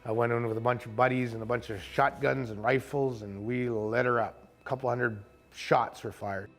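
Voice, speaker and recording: A man, a kayak camp owner, telling a story in casual, animated fashion and acting out other people's voices. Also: medium pitch, normal speed, soft background music. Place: outdoors at a rocky bay.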